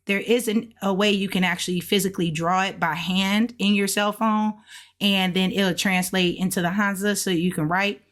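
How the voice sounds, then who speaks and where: A woman's voice: mid-range voice, steady tone, fairly bright tone. A woman casually walking viewers through practice, speaking patiently and drawing out sounds as she models them. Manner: slow, patient, drawn-out syllables when modeling sounds. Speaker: language learner teaching along. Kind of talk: casual lesson narration.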